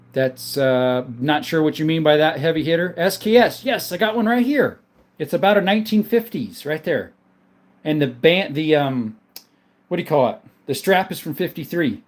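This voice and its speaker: A man with a fairly high-pitched voice hosts a laid-back livestream from home. He reads out viewer names and chats back, easygoing and unhurried. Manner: calls viewers brother. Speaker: livestream host answering viewer chat. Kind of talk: casual live chat. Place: home, in front of a counter.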